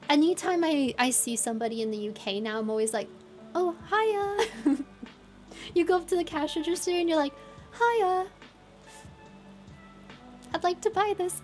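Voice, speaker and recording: A woman's voice: sits high, darkish tone. A young woman streamer chatting casually and giggling, trying out British phrases. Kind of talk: casual chat. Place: lives in England.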